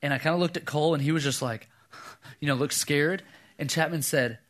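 A pastor in his thirties, with a fairly high voice and a slightly fast pace, preaches a sermon built around a personal story. He is an animated storyteller, acting out the voices and dropping to a hush for quoted lines.

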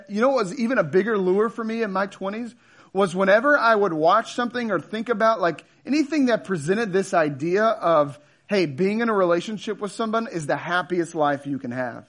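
A man in his thirties preaching a sermon in a casual, joking storytelling way with animated asides. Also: high voice. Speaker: pastor.

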